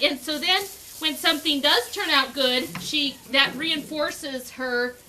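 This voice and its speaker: Brief: high, bright woman, dog breeder talking outdoors, chatty run-on explainer, faint outdoor ambience behind. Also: slow pace, slight background noise, rough recording. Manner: run-on explaining, slipping into high sing-song puppy talk. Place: outdoors on a cold sunny morning.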